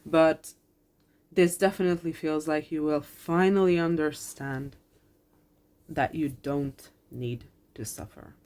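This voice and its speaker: Low-pitched woman reading tarot cards for viewers; earnest and reassuring, repeats lines, swears casually, close to tears. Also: slow pace, a little mellow. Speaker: tarot card reader. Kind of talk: pick-a-card reading, spoken to viewers.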